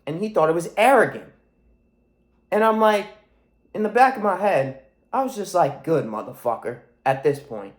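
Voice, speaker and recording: A man's voice: sits high, expressive, moderate pace, pauses often. A man in his twenties with a sore throat and stuffy nose, talking in a rambling, profane monologue to camera. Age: 20s. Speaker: vlogger.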